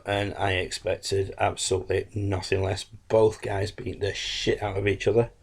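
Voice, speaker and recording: A man's voice: deep voice, gravelly. A man giving a casual, blunt, rambling wrestling review, full of fillers and self-corrections. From England.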